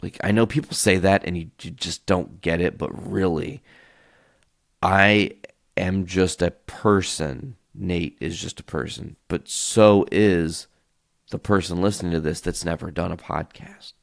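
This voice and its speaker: Male solo podcast host, low gravelly voice, loose storyteller who swears casually, close mic. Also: measured pace, no room sound. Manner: animated, tells stories by acting out quoted voices.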